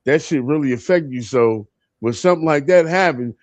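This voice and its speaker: A man's voice: on the high side, a little fast, no echo. A man telling a crude, funny story in casual chat on a live stream, breaking into laughter.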